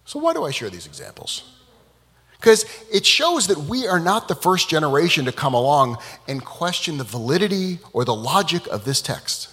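A man giving a public talk as an animated, dramatic storyteller. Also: a little high, normal speed, slightly rough, long reverb tail.

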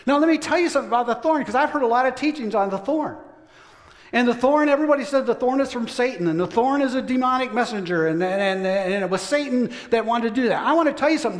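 A man preaching a sermon, emphatic, climbing to exclamations and sinking to hushed lows. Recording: long hall reverb.

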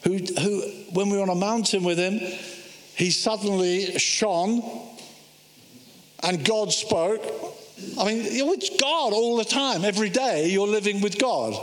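A man's voice: high voice, a little slow. A man preaching a sermon, telling Bible stories with energy and acting out the voices of the people in them. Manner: animated storytelling, acting out biblical voices. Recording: echoey hall.

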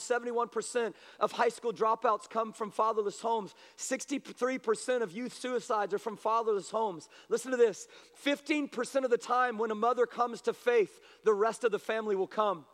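Fervent male preacher, strikingly high pitch, booming church reverb. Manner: impassioned, rising to shouted appeals. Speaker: pastor. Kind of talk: sermon. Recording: long hall reverb.

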